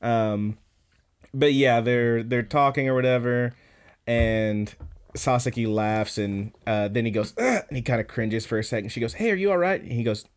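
Man, podcast co-host, mid pitch; swears freely, retells scenes with energy and quoted voices. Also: level tone, normal speed, smooth. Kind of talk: casual recap chat.

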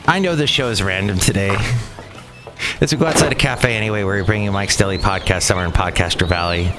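A man's voice: on the low side, fast, over loud music. A man with a Californian accent, hosting a podcast in a chatty, wry, rambling monologue. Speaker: podcast host. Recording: traffic noise in background.

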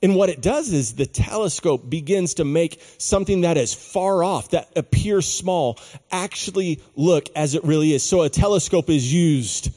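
A man preaching a sermon, slow and emphatic, with dramatic pauses on key words. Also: fairly high pitch, lively intonation, warm tone, big-room sound. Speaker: pastor.

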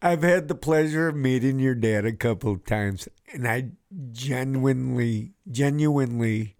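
A man's voice: medium pitch, measured pace, a little mellow. A man hosting a radio show, chatting casually and swearing as he tells stories. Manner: profane, laughing storyteller. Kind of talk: casual chat.

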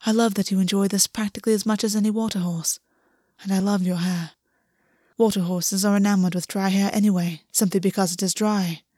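A woman voicing August, a gentle male lover. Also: medium pitch, steady tone, fairly quick, no echo, clean studio sound, lightly acted. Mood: affectionate. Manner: soft, careful and sincere. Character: gentle, measured male water horse lover.

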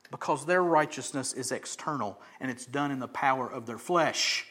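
A man with a notably high voice delivers a sermon. He moves between hushed, almost whispered passages and loud, emphatic lines, and he briefly acts out the people in his story. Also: fairly quick, hardly any pauses. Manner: dynamic preacher, swings from loud emphasis to hushed near-whisper; acts out quoted voices of crowds and Jesus. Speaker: pastor.

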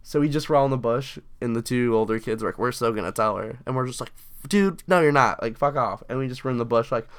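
A young man co-hosting a podcast, telling childhood stories in a casual, animated way, swearing constantly and saying "dude" often. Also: mid-range voice, quick pace, hardly any pauses. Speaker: podcast co-host. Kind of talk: casual storytelling chat.

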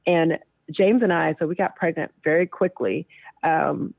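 Deep and gravelly, her voice moves at a measured pace with no room sound, coming through a tinny, phone-like dry line. She's in her thirties, a guest in a casual interview who tells stories in a chatty way and laughs frequently.

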